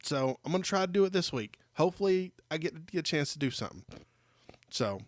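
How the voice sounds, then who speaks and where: A man's voice: on the high side, lively intonation, a little fast, no room sound, studio quality. A man co-hosting a podcast in casual chat, rambling with lots of fillers and joking about his kid. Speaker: podcast co-host. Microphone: studio microphone.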